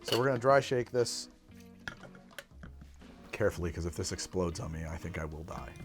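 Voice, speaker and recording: A man's voice: low voice, moderate pace, over music. A man hosting a cocktail show, chatting casually as he mixes and tastes drinks, rambling and restarting his sentences. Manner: rambling and animated, trailing off and restarting. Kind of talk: casual chat while mixing drinks.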